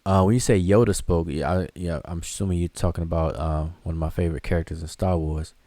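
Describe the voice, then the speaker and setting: A man's voice: low voice, steady tone, fast, warm tone, dry recording. A man teaching a live online class, explaining loosely and conversationally with frequent restarts and fillers as he answers viewer questions. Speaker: hieroglyphics teacher.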